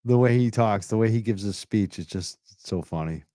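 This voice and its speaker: A man's voice: lowish voice, moderate pace, dark tone, no room sound, clean studio sound. A man hosting a livestream, chatting casually, reading out viewer comments and laughing between lines. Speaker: livestream host.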